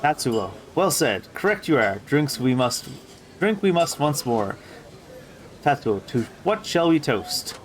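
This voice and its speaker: Voicing a haughty, eccentric woman singer in a video game, a man delivers her lines slowly and slightly lower than his own voice. She speaks in inverted word order with stray French words, and his performance is very animated over slight background noise.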